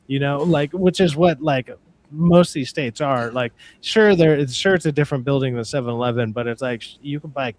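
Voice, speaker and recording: A man's voice: fairly high pitch, brisk. A man co-hosting a livestream discussion, ranting in a frank, profane, long-winded way. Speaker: podcast co-host. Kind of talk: casual livestream chat.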